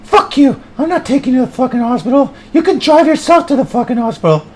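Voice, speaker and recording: Man playing a screeching hothead, very high voice, curses and insults. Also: very animated, fast, a little mellow, slight background noise. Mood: furious. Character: shrill, hot-tempered abusive man.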